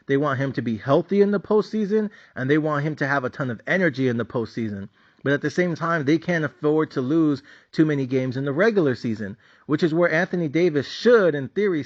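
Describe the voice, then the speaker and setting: Guy ranting about his team, swearing a lot, kinda high voice, muffled lo-fi audio. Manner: blunt, profane, ranting. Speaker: sports betting channel host. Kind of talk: casual ranting commentary. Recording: dull lo-fi sound.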